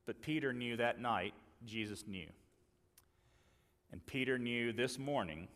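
A man preaching a sermon, earnestly acting out the dialogue he quotes and moving between loud emphasis and quiet asides. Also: medium pitch, big-room sound. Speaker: pastor.

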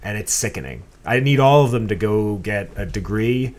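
A man's voice: fairly low pitch, expressive, moderate pace, darkish tone. A man co-hosting a podcast in casual chat, sarcastic and crude, often mocking people in put-on voices. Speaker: podcast co-host.

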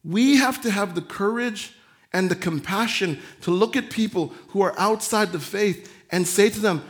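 A male pastor preaching a sermon, animated, acting out the voices he quotes and swinging from loud emphasis to quiet, soft asides. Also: sits high, moderate pace.

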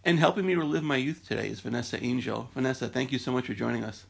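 A man's voice: medium pitch, fast, gravelly, heavy background noise. A man hosting an interview podcast, friendly and hesitant, with fillers in his questions. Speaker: podcast host.

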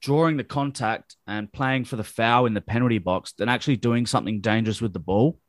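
A man's voice: mid-range voice, a little fast, no echo, studio quality. A man co-hosting a casual football chat, blunt and profane, given to heated rants. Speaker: podcast co-host.

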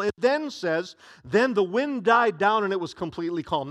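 A man preaching a sermon as a pastor, animated and dramatic, swinging from loud outbursts to hushed tones. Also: high-pitched, moderate pace, few pauses.

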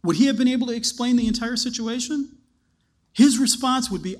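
A man's voice: very high-pitched, fairly quick. A man preaching a conversational sermon, retelling a story and acting out the characters' words. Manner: conversational, animated storytelling with acted-out quotes. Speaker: pastor.

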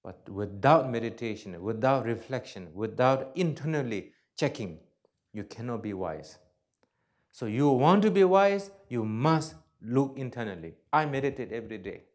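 Buddhist teacher, non-native English. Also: male voice, medium pitch, normal speed. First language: Tibetan. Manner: plain, repetitive non-native phrasing with lively humor. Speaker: Buddhist teacher giving a talk. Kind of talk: dharma talk to an audience. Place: lecture hall.

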